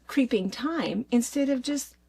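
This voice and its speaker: Gravelly, husky woman ranting in chat. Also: sits high, unhurried, dry recording. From Washington State. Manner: animated ranting, chatty. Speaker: co-host. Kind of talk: casual chat.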